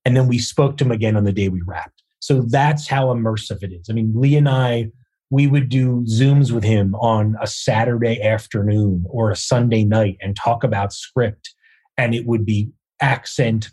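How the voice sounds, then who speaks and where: Husky guy telling set stories, calm and earnest. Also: lowish voice, moderate pace. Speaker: TV show co-creator guest. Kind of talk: casual interview chat.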